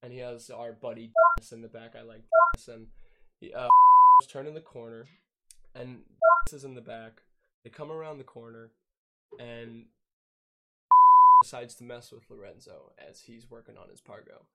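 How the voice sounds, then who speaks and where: A man's voice: medium pitch, normal speed, vocal fry, long pauses, pushed and bright. A young man casually telling a profane, laughing story on a podcast. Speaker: podcast host.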